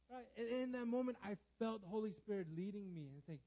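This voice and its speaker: Man preaching, high voice, animated storyteller, repeats and stammers, muffled lo-fi sound. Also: quick pace, few pauses. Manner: animated, swings between loud outbursts and hushed quiet lines; stammers and repeats words often. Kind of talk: storytelling sermon to a congregation.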